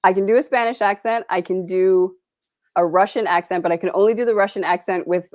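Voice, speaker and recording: A young woman from Canada, an actress guest in a casual interview, talking in an animated way, laughing often and dropping in British slang. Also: medium pitch, brisk, dry recording, clean studio sound.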